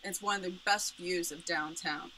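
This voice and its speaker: A woman's voice: lowish voice, fairly even intonation, normal speed, bright, forceful tone, slight background noise, rough recording. A woman who runs a yarn business, presenting her products and explaining each one, with frequent ums. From Pittsburgh area. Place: home studio, indoors.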